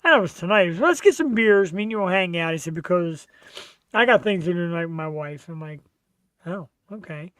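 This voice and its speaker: A man's voice: sits high, lively intonation, a little fast, fairly bright tone, no echo. A middle-aged man hosting a show, telling a birthday story with lots of swearing. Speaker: show host. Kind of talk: casual birthday chat.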